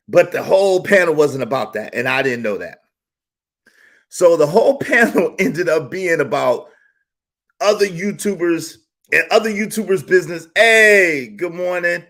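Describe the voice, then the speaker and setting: A man with a high, lively voice hosts a live stream, chatting casually to his viewers. He swoops up and down in pitch as he tells his story, repeating phrases and dropping slang. His delivery is loose and conversational. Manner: animated, repetitive, slangy storytelling. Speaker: YouTube live stream host.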